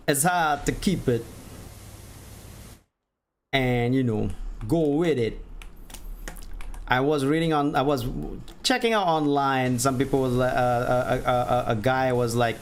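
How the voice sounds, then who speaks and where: A man streaming a game live, chatting casually in a rambling way, correcting himself and laughing at himself. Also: mid-range voice.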